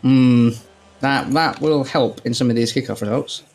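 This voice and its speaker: A man's voice: mid-range voice, normal speed, a little mellow, faint music behind. Man breaking down game tactics. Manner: analytical, explains tactics at length with restarts. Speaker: game commentator. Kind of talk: casual game commentary.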